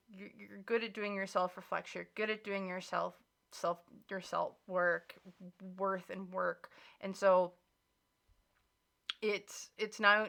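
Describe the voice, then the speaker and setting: Speaking at a medium pitch with vocal fry and a fairly bright tone, a woman delivers a casual tarot reading. It's chatty and reassuring, punctuated by many "likes" and emphatic, earnest encouragement.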